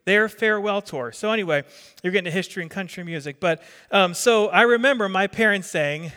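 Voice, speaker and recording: Preaching in a hall with long reverb, a middle-aged New Jersey pastor keeps his sermon conversational, repeating words and putting questions to the congregation. He speaks quickly, his voice sitting high with a bright, forceful tone.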